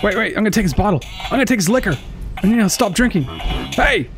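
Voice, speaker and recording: A gaming streamer reacting excitably and with profanity while playing through a game. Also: medium pitch, fast, creaky, over music. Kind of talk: let's play commentary.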